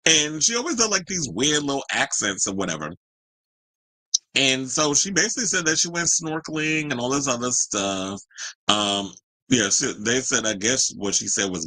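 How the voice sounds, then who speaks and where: A man hosting a celebrity gossip show, talking in a sassy, animated way with slangy asides. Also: medium pitch, normal speed, dry recording, poor audio. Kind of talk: casual gossip commentary. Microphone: home streaming mic.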